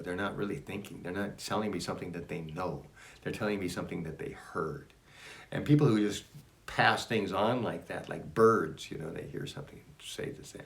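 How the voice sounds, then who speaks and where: A man's voice: low voice, gravelly. A man reading aloud from his own spiritual writings and musing on each line in a rambling, self-interrupting way. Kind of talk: casual spoken reading and reflection.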